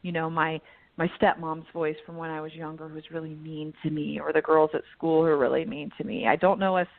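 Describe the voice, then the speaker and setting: A woman guest healer chatting candidly about spiritual matters, laughing often and swinging her pitch animatedly. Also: level tone, brisk. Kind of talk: casual spiritual discussion. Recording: tinny phone-like line.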